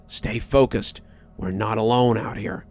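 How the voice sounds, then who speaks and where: A man's voice: lowish voice, steady tone, a little slow, creaky, darkish tone, soft background music. A man voicing a grim, commanding male army captain who gives terse orders.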